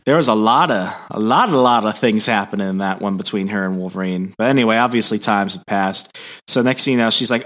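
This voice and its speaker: A man hosting a podcast, giving a casual comics recap with animated storytelling. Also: lowish voice, brisk. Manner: animated storytelling, acting out dialogue. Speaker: podcast host.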